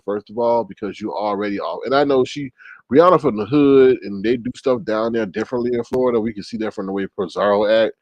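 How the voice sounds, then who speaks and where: A man's voice: fairly low pitch, darkish tone, no room sound. A man telling a story in casual commentary, gossipy, with dramatic exclamations. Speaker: commentary vlogger.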